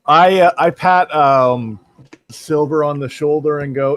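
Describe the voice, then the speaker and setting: A man playing a tabletop game, halting as he describes his character's actions. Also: a little high, fairly bright tone, no echo. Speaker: player. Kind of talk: tabletop role-play chat.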